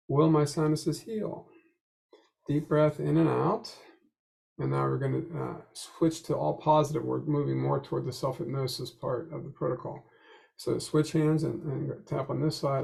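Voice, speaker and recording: A man leading a guided tapping session, talking slowly with many fillers and repeating affirmations in a steady chant. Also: medium pitch, vocal fry. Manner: slow, halting delivery with frequent "uh" fillers. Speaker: EFT tapping coach.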